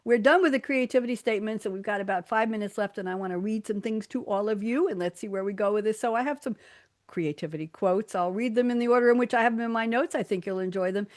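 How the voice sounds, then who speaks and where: An older woman hosts a live radio talk show on a studio mic, speaking fast at medium pitch. She reads quotes and poems aloud playfully and theatrically, laughing often.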